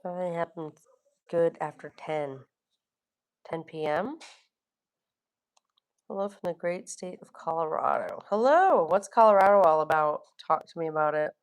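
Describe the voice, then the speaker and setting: A middle-aged woman hosts a casual livestream, rambling to her viewers and answering their comments. She laughs easily and swears bluntly. Her voice sits low, with a gravelly, fry-laden texture. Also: fairly even intonation, unhurried, long pauses. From Florida. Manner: chatty, laughing, blunt and profane. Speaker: livestream host.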